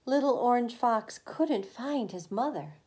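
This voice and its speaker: A female preschool teacher reads a picture book aloud to young children. She goes slowly and expressively, lifting her pitch on some lines.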